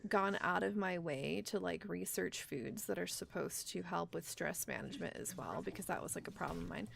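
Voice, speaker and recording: A woman's voice: fairly low pitch, normal speed, vocal fry, background noise. A young woman streaming a game, chatting casually, swearing and laughing as she tells stories. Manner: swears a lot, laughs often, storytelling. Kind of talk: casual livestream chat while gaming.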